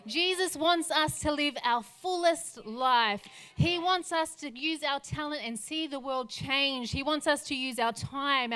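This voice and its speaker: A woman's voice: sits high, pushed and bright. A woman pastor preaching a sermon in an earnest voice, building lists of phrases toward a rousing close. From Australia.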